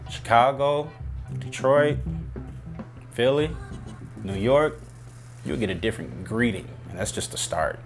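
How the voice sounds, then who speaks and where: A man in a casual interview, playfully quoting greetings from different places. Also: lowish voice.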